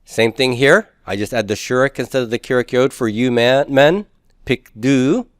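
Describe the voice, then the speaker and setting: A man's voice: mid-range voice, normal speed, no room sound, studio quality. A man teaching a recorded grammar lecture, explaining step by step and putting questions to the class, with folksy asides.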